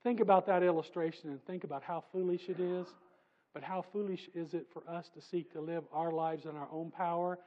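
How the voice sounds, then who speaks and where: A man with a high voice preaches in a church, swinging between raised, emphatic lines and quiet, chatty asides to the congregation. The recording is dull and lo-fi, like an old church tape. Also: fairly even intonation, fairly quick. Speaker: pastor. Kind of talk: sermon. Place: church sanctuary.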